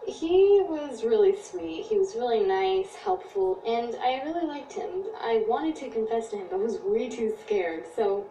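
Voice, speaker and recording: A teenage girl narrates her own story, earnest and confiding. Her voice sits a little high and has a soft, mellow tone. She sounds distant from the mic in a roomy space with faint noise. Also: expressive, unhurried, hardly any pauses. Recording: echoey, distant, slight noise.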